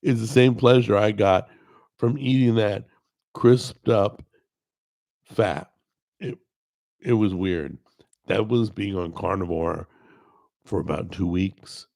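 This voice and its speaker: A middle-aged man hosting a cooking show chats casually to camera, rambling in a plainspoken, self-deprecating way. His low, darkish voice is gravelly, strained, and crackly from a paralyzed vocal cord, and he talks slowly with long pauses. He's recorded on a desk microphone over a video call.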